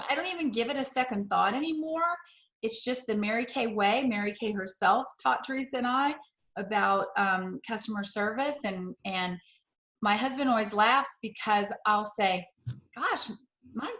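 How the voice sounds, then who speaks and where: A woman's voice: medium pitch, a bit bright. A middle-aged woman giving an enthusiastic, storytelling sales talk on a video call. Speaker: sales director. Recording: echoey room on a video call.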